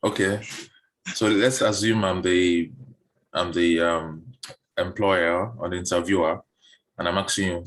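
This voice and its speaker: A man coaching job seekers through interview questions in a relaxed online session, often repeating words while he thinks, heard over a video call. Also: deep voice, normal speed.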